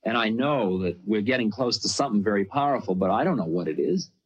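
A man's voice: lowish voice, expressive, fast, breathy edge. A man telling a personal story in a rambling, conversational way, often saying "you know". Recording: dull lo-fi recording.

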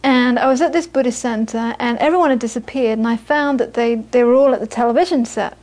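A woman giving a Buddhist talk, telling stories with lively acted-out quotes and then turning soft and earnest as she teaches. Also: on the high side, brisk. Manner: lively storytelling, acts out the people she quotes. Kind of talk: dharma talk to a small audience.

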